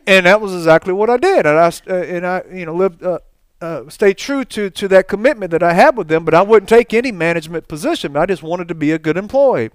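A man preaching in a folksy, storytelling way, with quick asides and chuckles. His voice sits high for a man and sounds smooth and clear. The sound is dry and close. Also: dry recording. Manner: folksy, animated testimony with asides and laughter. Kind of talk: storytelling sermon.

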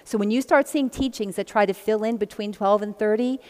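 A woman's voice: medium pitch, fairly quick, darkish tone. Giggly woman teaching scripture, echoey room. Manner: chatty and giggly, laughs between verses. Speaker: Bible study teacher. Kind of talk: casual Bible teaching, reading scripture with commentary. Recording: long echoey reverb.

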